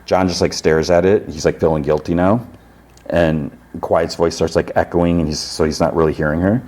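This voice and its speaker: Low-voiced man casually recapping an episode. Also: fairly even intonation, normal speed, darkish tone. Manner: rambling, filler-heavy retelling. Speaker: podcast host.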